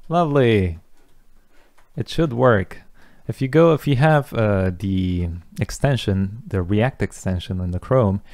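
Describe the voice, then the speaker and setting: Young guy walking thru code as he types, kinda low voice, dry close mic. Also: dry recording. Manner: talks through steps while typing, relaxed asides. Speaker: coding instructor. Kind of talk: casual screen-recorded coding tutorial.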